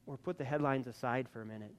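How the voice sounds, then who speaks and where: A man preaching a sermon as a pastor, earnest, climbing to emphatic peaks and then dropping soft. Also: mid-range voice, quick pace.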